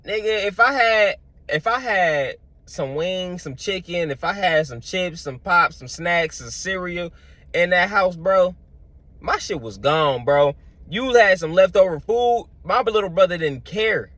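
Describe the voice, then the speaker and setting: A man's voice: high-pitched, lively intonation, unhurried, bright, forceful tone, dry recording. A young man, telling stories in a loose, slangy vlog monologue full of fillers. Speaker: vlogger. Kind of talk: casual storytelling monologue.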